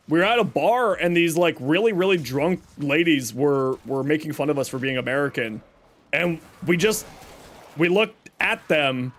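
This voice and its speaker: A Canadian man streaming and reading chat, talking casually and rambling through stories and corrections. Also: on the high side. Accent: Canadian English. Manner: rambling, chatty, self-correcting storyteller.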